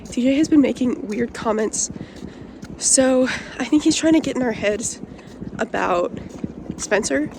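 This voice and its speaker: A woman's voice: on the high side, a little slow, gravelly, pauses often, noisy background. A young woman in a car giving a casual, hesitant reality-show confessional. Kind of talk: confessional to camera.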